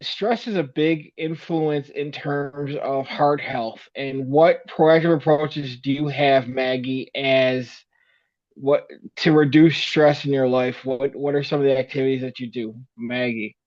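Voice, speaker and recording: A man's voice: medium pitch, steady tone, measured pace, darkish tone. Man hosting a meeting, muffled mic. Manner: polite, hands speakers over. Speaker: meeting host. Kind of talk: meeting facilitation.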